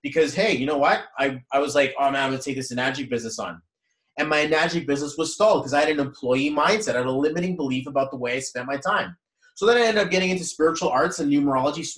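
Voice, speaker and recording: A man leading a men's numerology group, talking in a rambling, energetic, preachy motivational way. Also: mid-range voice. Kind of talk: motivational group coaching talk. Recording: echoey room.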